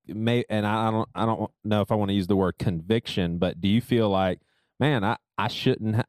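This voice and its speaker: A man's voice: fairly low pitch, a little mellow, dry recording. Chatty man telling stories, dry sound. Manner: laughs often, storytelling. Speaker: podcast host. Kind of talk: casual conversation.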